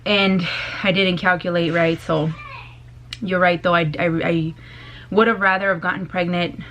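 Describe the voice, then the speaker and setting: A woman vlogger chatting casually to her camera, loud and bubbly, laughing often. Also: on the low side, lo-fi sound, a little hiss or hum. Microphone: compact camera.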